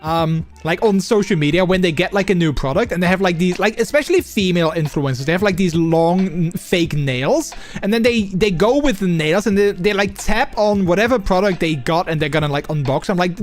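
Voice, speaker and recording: A man's voice: high-pitched, fairly quick, few pauses, faint music behind. A man livestreaming and chatting casually with his viewers, rambling with many fillers and restarts on a close microphone. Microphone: close desk microphone.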